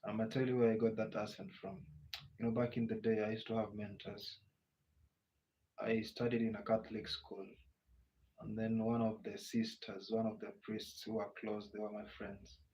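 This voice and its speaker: A man's voice: lowish voice, flat delivery, normal speed, a little mellow. A Kenyan man with a Kenyan English accent hosting a casual live Q&A, reading out viewer comments and answering them in a chatty way. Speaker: livestream host. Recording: muffled lo-fi audio with faint background noise.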